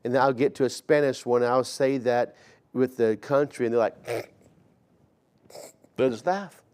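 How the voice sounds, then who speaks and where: A man in his forties preaches in a conversational, storytelling way, often stammering and repeating words, and he acts out quoted dialogue in shifting voices. His voice is mid-range, smooth and darkish, at a measured pace.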